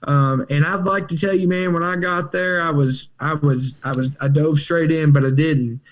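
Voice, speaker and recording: A man's voice: on the high side, moderate pace. A man telling his recovery story with casual Southern slang, acting out the voices of others. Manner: animated, acts out quotes in character voices. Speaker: guest in recovery.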